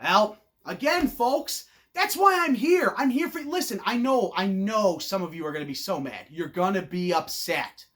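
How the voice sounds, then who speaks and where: A loud, blunt man rants straight at his audience, swearing freely and dripping with sarcasm. His pitch swings widely as he jumps into mocking voices of the people he criticizes. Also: animated, moderate pace, few pauses. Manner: profane, sarcastic, mocking put-on quotes. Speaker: host. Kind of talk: ranting opinion monologue.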